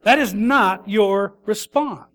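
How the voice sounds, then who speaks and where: A man preaching a sermon as a pastor, earnest and deliberate, often restarting his phrases. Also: sits high, a bit bright.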